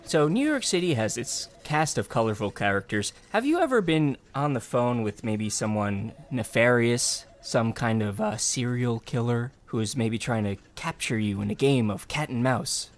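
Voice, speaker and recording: A man with a lively, rising and falling voice interviews and narrates in a mock-serious manner. He asks earnest, leading questions that carry dry humor underneath. His pitch sits in the middle range. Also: normal speed, hardly any pauses, faint music behind.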